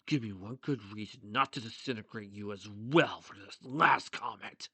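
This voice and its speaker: An imperious male goat villain, voiced by a man, dropping into a lower, quieter register to issue curt, cold orders. The sound stays dry and close, with a bright edge. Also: normal speed, slightly rough, dry recording. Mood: threatening. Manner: low, clipped, commanding.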